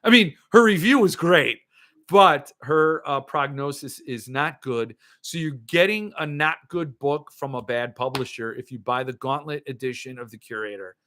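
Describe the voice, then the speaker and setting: A man, a podcast host, runs a livestream where he rants sarcastically and answers viewer comments in casual chat. His voice is medium-pitched with a sharp tone, at normal speed.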